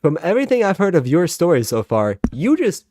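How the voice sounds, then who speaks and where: A man's voice: fairly high pitch, huge pitch swings, a little fast, a little mellow, no room sound, clean studio sound. A man in his twenties with a heated, profane, exasperated way of talking as he hosts a reaction video. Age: 20s. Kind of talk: ranting reaction commentary.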